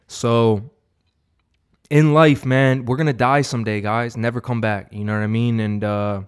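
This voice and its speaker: A man's voice: mid-range voice, steady tone, moderate pace, smooth. A young man giving an unscripted, profane motivational monologue as a vlogger, rambling with many fillers and restarts.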